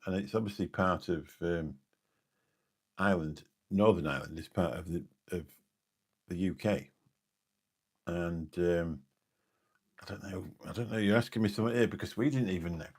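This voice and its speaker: A very low-pitched English man in his fifties with a gravelly edge and a husky, rough tone. He chats on a late-night live stream, wandering from point to point and losing his thread as he answers viewers. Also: darkish tone. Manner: rambling, forgetful, chatty, answers viewer comments. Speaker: live streamer and taxi driver.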